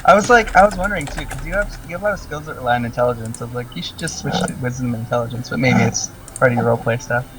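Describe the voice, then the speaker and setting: A man's voice: medium pitch, very fast, hardly any pauses, far from the mic, poor audio. Man running a tabletop game, off-mic. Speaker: game master.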